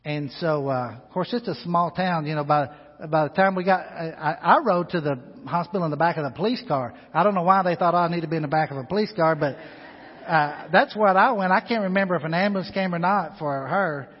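A man with a fairly high, husky voice preaches a sermon in a church sanctuary, dropping to quiet, intimate asides and then climbing into loud, ringing exhortation. His voice trails off into a long hall reverb, and the recording sounds dull and lo-fi. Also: fairly quick. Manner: swings between hushed, intimate asides and loud, rising exhortation. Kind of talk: sermon with personal storytelling.

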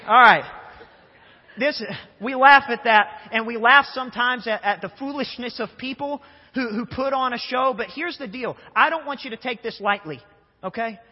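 A young man preaching a sermon in a church, telling humorous stories in an animated way and often repeating his words. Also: very high voice, moderate pace, breathy edge. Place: church sanctuary. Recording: echoey church hall, dull sound.

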